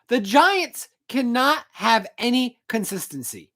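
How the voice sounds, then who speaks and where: Low-voiced angry woman ranting. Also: big pitch swings, moderate pace, long pauses. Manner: angry, profane and emotional. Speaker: sports fan vlogger. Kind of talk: postgame rant. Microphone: home recording setup.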